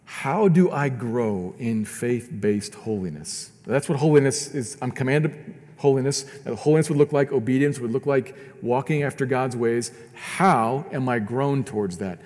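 A man's voice: mid-range voice, normal speed, mellow, big-room sound. A man preaching a sermon as pastor, earnest and often repeating words as he builds his points.

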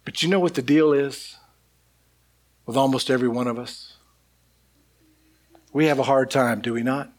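A man's voice: medium pitch, fairly even intonation, normal speed, pauses often. A male pastor preaching a sermon, building his points with repeated phrases and rhetorical questions.

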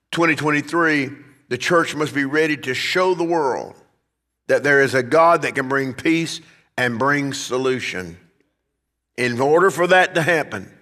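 Bright-voiced preacher in a reverberant hall. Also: male voice, on the high side. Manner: preaching, rising and emphatic at climaxes. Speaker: pastor. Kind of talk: sermon.

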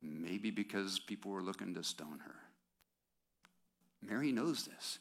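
A man with a fairly low voice preaches a sermon at a church service. He talks to the congregation in a conversational way, asking rhetorical questions and tossing in quick asides. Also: expressive, a bit bright. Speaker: pastor.

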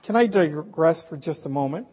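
A man preaching a sermon in a slow, emphatic way, asking the congregation rhetorical questions. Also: on the high side, lively intonation, darkish tone, husky. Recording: dull, hall reverb, from a distance.

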